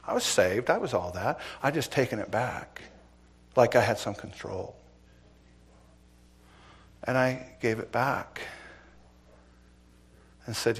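Middle-aged male preacher, former cop, dramatic storyteller with loud-to-hushed delivery. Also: lowish voice, breathy edge. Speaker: preacher, former police officer. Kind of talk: sermon with personal story.

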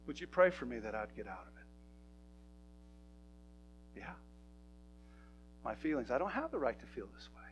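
A man's voice: mid-range voice, very animated, normal speed, pauses often, slight background noise, low-quality recording. A man preaching a sermon in a church, talking to his congregation in an emphatic, conversational way. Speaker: pastor.

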